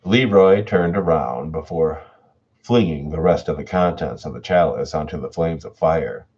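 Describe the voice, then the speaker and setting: A man's voice: a bass voice, moderate pace, a little hiss or hum. A man hosting a livestream who reads horror stories aloud and chats casually with his viewers, answering their messages. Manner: relaxed and chatty, reads chat messages aloud. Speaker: horror story narrator and livestream host. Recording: dull lo-fi home audio.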